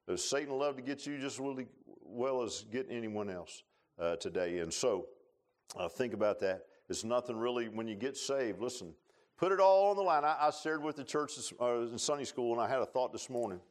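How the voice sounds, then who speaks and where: A man preaching a sermon in a church, telling stories in a folksy way and swinging between loud rises and quiet low passages. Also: normal speed. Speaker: pastor. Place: church sanctuary.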